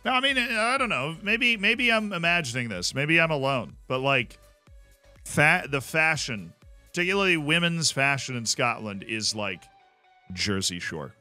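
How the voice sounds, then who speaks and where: Lively, bright-voiced American man streaming. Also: on the high side, a little slow, dry recording, faint music behind. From United States. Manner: rambling, chatty, reacts aloud to the game. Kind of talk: casual live-stream chat while gaming.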